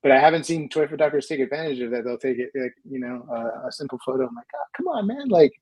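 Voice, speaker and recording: A man's voice: mid-range voice, fairly even intonation, rapid-fire, darkish tone, no echo, low-quality recording. A man, a guest on a stream, talking in an easygoing way and laughing often. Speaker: toy designer guest. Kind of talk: casual chat.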